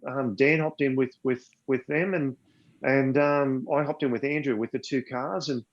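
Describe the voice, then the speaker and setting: Gravelly older Australian man, lo-fi. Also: medium pitch, fairly even intonation, moderate pace. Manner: rambling, repeats words, gets emotional. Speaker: podcast guest, triathlete. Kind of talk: casual storytelling. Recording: dull lo-fi sound.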